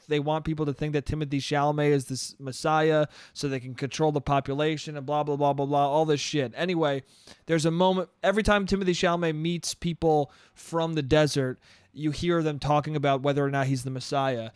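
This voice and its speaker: Man, solo comic podcaster, slightly high pitch, smooth clean tone, rambling and profane, recorded close and dry. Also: no echo. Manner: rambling, profane, laughs often. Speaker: podcast host. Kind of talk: solo comedic monologue.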